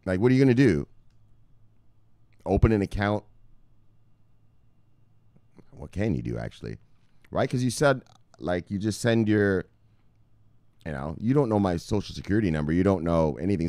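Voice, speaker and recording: Male crypto vlogger, rowdy and foul-mouthed, pitch jumping all over, dry close sound. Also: very animated, a little fast, pauses often, mellow, no echo. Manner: boisterous and profane, street slang. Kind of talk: casual profane commentary.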